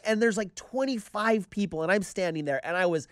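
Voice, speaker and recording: A man co-hosting a casual podcast chat, telling stories in an animated way and acting out what people said. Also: high voice, a little fast, clear, resonant tone, dry recording, clean studio sound. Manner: animated storyteller, acts out quotes. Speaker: podcast co-host.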